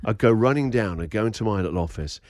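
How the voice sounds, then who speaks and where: A man's voice: on the low side, fast talker, no echo, clean studio sound. A middle-aged man hosting a radio show, telling a story with lots of energy and frequent laughter. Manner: lively, laughs often while telling the story.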